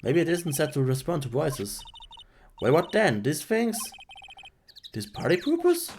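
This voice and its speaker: A man's voice: fairly high pitch, wildly swooping pitch, unhurried, a little mellow, a little hiss or hum. A man streaming a game, reading the lead's lines in a dry, wry voice. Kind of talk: reading game dialogue aloud.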